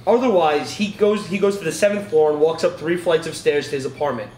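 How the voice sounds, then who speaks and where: Laughing man, high voice, echoey room. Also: a little fast, darkish tone. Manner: laughs often, joking banter. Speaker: podcast co-host reading listener emails. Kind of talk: casual chat. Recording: echoey room with crowd noise.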